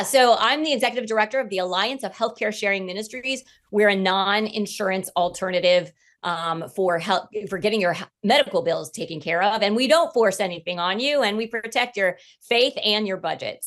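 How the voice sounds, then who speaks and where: A woman's voice: mid-range voice, brisk, a bit bright. A woman with an American accent, a guest on a radio interview, arguing her case in a pointed, persuasive way with a touch of sarcasm.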